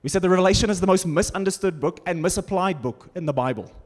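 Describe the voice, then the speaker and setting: A man preaching in a big church, his voice sitting high and trailing a long reverb off the hall walls. He talks to the congregation casually, dropping in wry jokes and sarcasm between points. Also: fast. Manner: conversational, humorous preaching with sarcastic asides. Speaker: pastor. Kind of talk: sermon. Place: large church auditorium.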